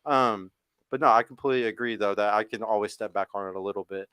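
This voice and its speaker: A man's voice: lowish voice, fast talker, bright, forceful tone, smooth, no room sound. A man in his thirties hosting a dating podcast panel, talking in a blunt, stern and argumentative way. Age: 30s. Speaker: podcast host. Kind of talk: casual panel chat.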